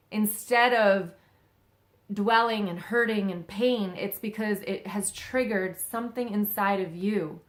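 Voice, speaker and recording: A young adult woman with a slightly bright, mid-range voice, a psychic medium, gives casual spiritual guidance. She talks loosely and conversationally, full of fillers and frequent checks of "okay?".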